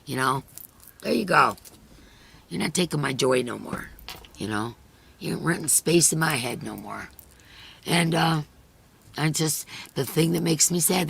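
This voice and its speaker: A middle-aged woman hosting a crochet live stream, chatting earnestly and emotionally with viewers, her voice hoarse and fading. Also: sits low, expressive, a little slow, long pauses, a bit bright, a little hiss or hum. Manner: earnest and emotional, many "you know" fillers. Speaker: crochet channel host. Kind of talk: casual chat on a live stream, reading viewer comments.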